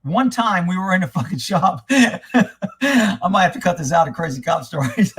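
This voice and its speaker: A man's voice: high voice, normal speed, breathy edge. A man, a former police investigator, telling profane stories in casual talk and acting out the people he quotes. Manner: animated, swears often, acts out quoted people. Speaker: podcast host telling stories.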